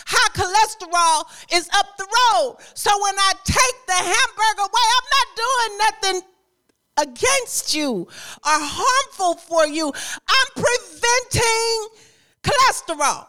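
Woman preacher, sermon delivery, slow and deliberate, sharp bright tone, laughs and speaks directly to the congregation. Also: extremely high pitch. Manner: conversational, lively preaching with repetition and frequent laughter.

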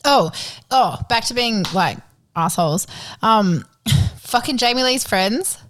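A young woman co-hosting a casual chat, crude and excitable. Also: on the high side, takes it slowly, slight background noise. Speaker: podcast co-host.

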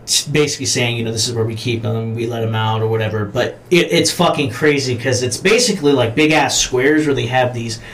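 A man's voice: medium pitch, brisk, hardly any pauses. Guy on a podcast ranting about horror flicks, cusses constantly, acts out the screams, faint hiss behind. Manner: profane, animated storytelling with acted-out shouts. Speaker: podcast co-host. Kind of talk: casual chat about horror movies.

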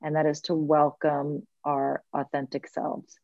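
A woman with a lowish voice talks about her circle work in a slow, earnest way, leaning on the words that matter to her. The sound is dry and a little dull, like remote audio. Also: monotone, gravelly, a little mellow, dry recording. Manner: earnest, unhurried, stretches key words. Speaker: guest, leads women's circles. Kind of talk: reflective podcast conversation.

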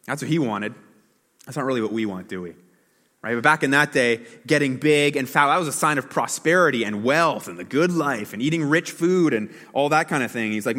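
A man's voice: on the high side, animated, normal speed, fairly bright tone. A man preaching a sermon, talking casually with the congregation and asking them questions, and sometimes acting out a whining complaint in a raised voice. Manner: conversational, asks the congregation questions; acts out quoted whining with a raised voice. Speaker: pastor. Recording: long hall reverb.

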